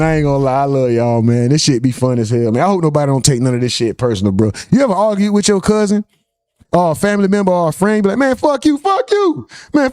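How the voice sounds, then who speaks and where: A man with a high voice hosts a live stream and talks loose and profane, greeting his chat one name after another. The sound is dry and close, with no room around it. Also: a little mellow, dry recording. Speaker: livestream host.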